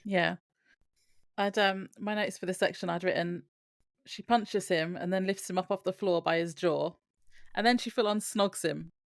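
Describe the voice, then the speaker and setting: A woman's voice: lowish voice, fairly even intonation, moderate pace, vocal fry, no room sound, studio quality. A woman co-hosting a podcast, chatting about a TV episode and giggling often between remarks. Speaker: podcast co-host. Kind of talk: casual chat recapping a TV episode.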